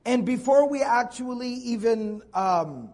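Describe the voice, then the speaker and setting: High-voiced man teaching Quran tafsir. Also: lively intonation, measured pace, a little mellow. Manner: explanatory, stresses key words, frequent restarts. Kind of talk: classroom tafsir lecture.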